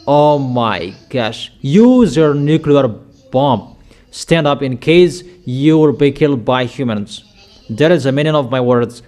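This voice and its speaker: Slow, emphatic male preacher. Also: medium pitch, a little mellow. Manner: emphatic, declaiming, repeating commands. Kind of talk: sermon.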